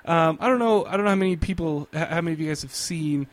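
Guy rambling on a movie podcast, um and uh everywhere, kinda high voice. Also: quick pace, no echo. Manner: rambling, hesitant, many fillers. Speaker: podcast host. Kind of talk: casual chat.

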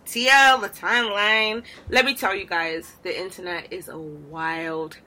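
A woman's voice: mid-range voice, fairly even intonation, a little slow, sharp tone, a little hiss or hum. A woman co-hosting a podcast in casual chat, with a British accent that has Nigerian tones and a teasing, chatty manner. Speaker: podcast co-host.

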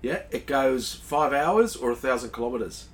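A man's voice: mid-range voice, expressive, normal speed, distant mic. A man co-hosting a podcast outdoors by a marina, trading jokes in casual banter. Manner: joking banter. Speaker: podcast co-host. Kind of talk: casual chat.

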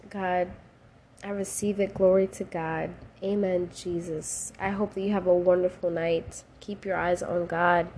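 A woman's voice: medium pitch, a little mellow. Female podcast host, casual faith talk, tearful and heartfelt, faint room noise. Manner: emotional, rising to cries and laughs, casual slang.

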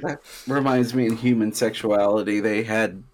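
A man's voice: lowish voice, fairly even intonation, normal speed, darkish tone. A man chatting casually on a podcast with friends, giving dry, understated replies. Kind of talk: casual chat among friends.

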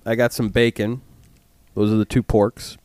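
A young man hosting a casual podcast, joking and laughing as he rambles through a meat-box pitch. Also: flat delivery, normal speed, darkish tone, smooth, dry recording. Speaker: podcast host. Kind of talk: casual chat.

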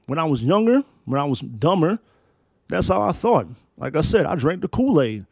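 Man, thirties, podcast host, emphatic, profane, rhythmic lists, slightly high voice, dry close mic. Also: very animated, moderate pace, creaky, husky, no echo. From Maryland, US. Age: 30s. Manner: emphatic, profane, preacherly build-ups. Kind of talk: solo podcast monologue.

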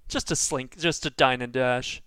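A man narrating a tabletop game as game master, hesitant and halting. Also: mid-range voice, fairly bright tone, smooth, no echo. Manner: hesitant, lots of fillers and restarts.

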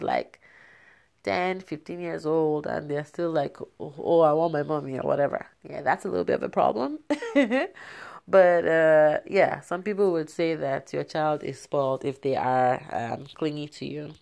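Young adult woman from Nigeria, low voice, casual vlogger, chatty with frequent laughs. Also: a little slow, vocal fry, a little mellow. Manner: chatty, laughs often, many fillers. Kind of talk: casual talk to camera.

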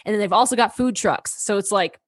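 A woman co-hosting a local podcast, chatting casually with quick laughs and plenty of fillers. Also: mid-range voice, no room sound, clean studio sound. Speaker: podcast co-host. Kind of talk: casual chat.

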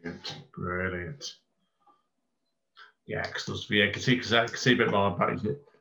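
A man's voice: fairly low pitch, steady tone, moderate pace, creaky, bright, forceful tone, rough recording. A man hosting a podcast who chats enthusiastically, rambles and repeats his words. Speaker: podcast host. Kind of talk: casual interview chat.

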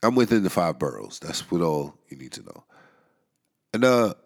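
A man's voice: deep voice, sing-song, moderate pace, creaky. A man hosting a podcast in a casual monologue, nasal and stuffy from a cold, rambling wryly and chuckling between thoughts. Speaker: podcast host. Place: New York area.

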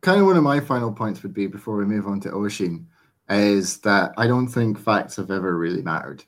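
A man hosting a casual podcast, briskly moving the show along. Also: lowish voice, animated. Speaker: podcast host.

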